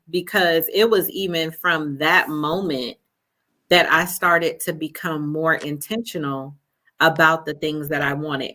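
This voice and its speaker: Woman coach guest, low-pitched and sharp-toned, earnest storyteller. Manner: storytelling, earnest, with frequent "right?" check-ins. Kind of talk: conversational interview. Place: home office.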